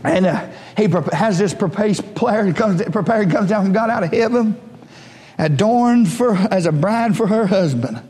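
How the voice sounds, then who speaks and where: A male pastor preaching a fervent sermon in a church, rising at times into high shouted cries. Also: unhurried, slightly rough, big-room sound. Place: church sanctuary.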